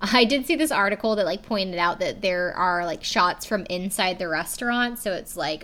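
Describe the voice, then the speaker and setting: Chatty young woman with a bright voice. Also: mid-range voice, lively intonation, normal speed, few pauses. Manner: chatty, lots of "like" fillers, casual swearing. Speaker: video recapper. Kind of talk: casual storytime recap.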